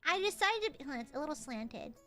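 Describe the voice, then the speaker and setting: A woman's voice: sits high, sing-song, fast, pushed and bright, soft background music. A young woman streaming and chatting casually with her viewers, giggling often and playfully whining. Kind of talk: casual livestream chat.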